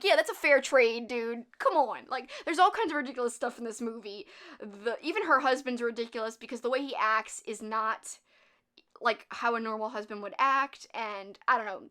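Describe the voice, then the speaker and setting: A woman's voice: a little high, a bit bright. A young woman chatting casually about old movies, mocking and acting out scenes. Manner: chatty, laughing at the film, acts out quotes. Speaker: channel host.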